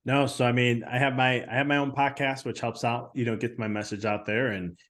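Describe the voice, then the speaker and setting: A man who is a guest on a podcast interview, talking as a coach and quickly quoting himself and others. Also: mid-range voice, fairly even intonation, fairly bright tone. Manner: rapid, enthusiastic, self-quoting. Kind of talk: casual interview chat.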